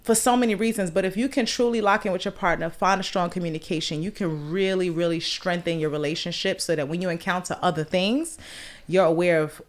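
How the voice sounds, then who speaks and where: A woman's voice: fairly low pitch, steady tone, fairly quick. A woman lays out relationship advice in plain, crude terms. She talks like a coach in a casual podcast chat. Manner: explains like a coach, crude and frank.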